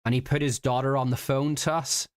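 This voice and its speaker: A man's voice: medium pitch, little pitch movement, brisk, no room sound, clean studio sound. A man from Britain telling stories in a casual stream. He rambles and halts, with many fillers and restarts. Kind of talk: casual storytelling chat.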